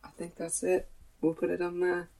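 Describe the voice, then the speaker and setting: A woman's voice: lowish voice, completely flat delivery, moderate pace, creaky, dark tone. A woman hosting a podcast in casual chat, bubbly and jokey, swearing freely. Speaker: podcast host.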